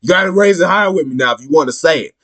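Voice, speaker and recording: A man's voice: on the high side, animated, racing, fairly bright tone. A man hosting a reaction video, talking casually and hyping his viewers toward a call-and-response sign-off.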